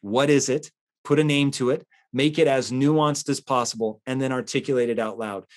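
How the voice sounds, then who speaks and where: A man's voice: mid-range voice, fairly even intonation, moderate pace. A man hosting a motivational talk, speaking emphatically in a conversational, storytelling way. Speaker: host.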